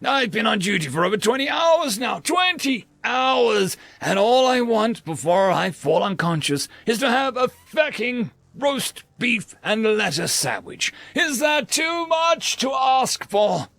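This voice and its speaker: A man's voice: high voice, sing-song, moderate pace, gravelly, hardly any pauses, no room sound, pitched above the performer's own voice, full character voice. A man playing a furious, worn-out crewman. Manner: shouting, swearing, exasperated. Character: furious exhausted male crewman.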